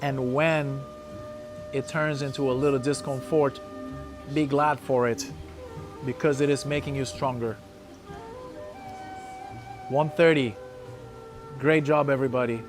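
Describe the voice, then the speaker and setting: A man's voice: mid-range voice, fairly even intonation, measured pace, long pauses, over music. A man coaching a breath-hold session, encouraging the group and calling out hold times.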